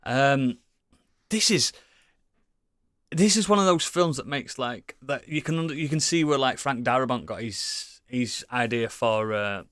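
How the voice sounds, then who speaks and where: A man chatting casually as a podcast co-host, rambling and enthusiastic, swearing often and filling pauses with ums and likes. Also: mid-range voice, a bit bright, smooth, dry recording, clean studio sound. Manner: rambling, enthusiastic, swears a lot, many fillers. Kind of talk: casual chat.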